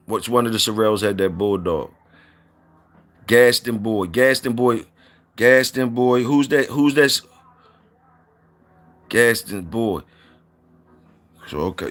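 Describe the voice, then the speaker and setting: A man's voice: on the low side, a little slow, long pauses, a bit bright. A man hosting a casual livestream, reading out viewer comments and saluting people in a loose, repetitive drawl.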